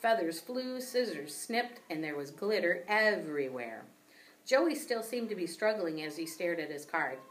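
A woman teacher reading a children's book aloud with expressive storytelling. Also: fairly low pitch, measured pace, distant mic, a little hiss or hum.

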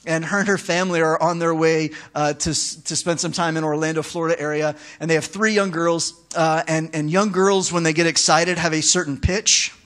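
A man preaching a sermon as pastor, conversational and animated, with asides to the congregation. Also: fairly high pitch, brisk, hardly any pauses.

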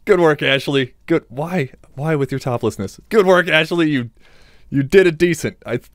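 A man's voice: fairly high pitch, moderate pace, dry recording, studio quality. A young man doing crude, joking let's play commentary, laughing and talking back to game characters. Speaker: gamer.

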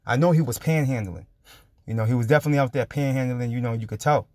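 A man's voice: medium pitch, fast, darkish tone, dry recording, studio quality. A man preaching through a casual testimony story, fervent and full of street slang, with constant "you know" and "I'm like" fillers. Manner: fervent, spirited retelling.

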